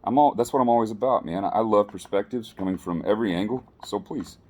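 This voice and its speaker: A man with a deep, mellow voice talks loosely to his audience. He rambles, restarts his sentences and sounds earnest rather than polished. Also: fast talker, slight background noise. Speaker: vlogger sharing political opinions. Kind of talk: casual spoken commentary to camera.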